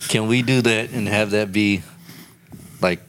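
A man's voice: lowish voice, steady tone, measured pace, fairly bright tone. A man co-hosting a podcast in casual, crude banter, joking and laughing often. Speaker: podcast co-host.

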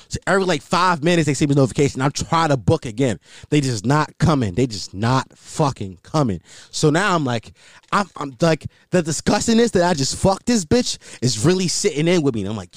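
A man's voice: mid-range voice, big pitch swings, a little fast, no echo, studio quality. A man hosting his podcast alone, telling a crude story in casual slang and laughing along the way. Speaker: podcast host.

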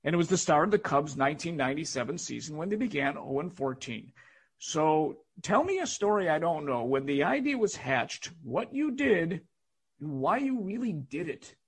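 A male host with a fairly high, husky voice asks questions in a casual interview. His pitch swings widely as he talks and he reacts with easy laughter. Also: normal speed. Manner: lively, laughs along, prompting questions.

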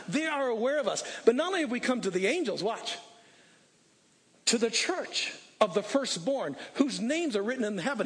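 An animated male preacher with a high, lively voice that leaps up and down in pitch. He shouts his scripture quotes, then drops into soft, conversational asides to the congregation. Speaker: pastor. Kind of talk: sermon.

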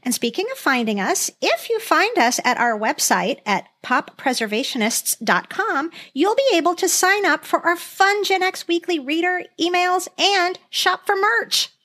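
A woman's voice: extremely high pitch, animated, moderate pace, hardly any pauses, pushed and bright. A woman hosting a casual podcast game, laughing often and sounding exasperated. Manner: giggly, exasperated. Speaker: podcast host.

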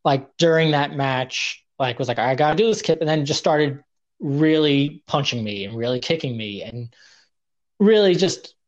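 A man's voice: mid-range voice, a little slow, lo-fi sound. A young man spins long casual stories as a podcast guest. He talks in a mid-range voice, rambling and self-deprecating, stumbling through restarts and filler words. He comes across as easygoing and chatty. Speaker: guest, indie wrestler. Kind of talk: casual storytelling interview.

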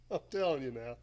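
A man in his late thirties co-hosting a casual podcast, an animated storyteller who gets fired up. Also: medium pitch. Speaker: podcast co-host. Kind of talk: casual chat. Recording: faint background noise, early podcast.

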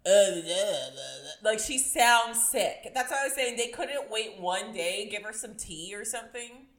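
A woman's voice: fairly high pitch, moderate pace, a bit bright, reverberant. A woman co-hosting a podcast, joking playfully about a movie in casual chat. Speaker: podcast co-host.

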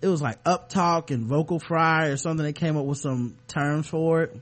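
A man co-hosting a talk podcast, his voice sitting a little high for a man. He talks loosely and casually, clearing his throat from time to time. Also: normal speed. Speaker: podcast co-host. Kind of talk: casual chat.

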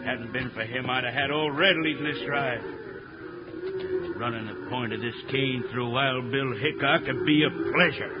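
A man's voice: mid-range voice, normal speed, over loud music, close to an everyday voice. A man playing a shifty, menacing cattle-drive villain in a 1950s radio western, sneering and evasive. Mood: scheming. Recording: muffled old radio broadcast.

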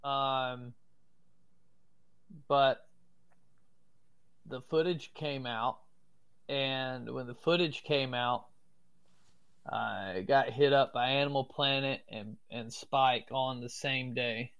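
A man's voice: medium pitch, steady tone, slow pace, long pauses, fairly bright tone, clear, resonant tone. A man from Florida with a strong Southern US accent, a podcast guest telling stories in a laid-back, cursing manner. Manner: laid-back, swears freely. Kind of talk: casual storytelling.

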